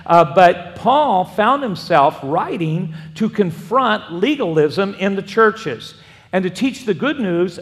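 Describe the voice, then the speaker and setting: A man, a pastor, preaching a sermon and wandering into folksy personal stories with frequent restarts. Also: high-pitched. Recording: long hall reverb.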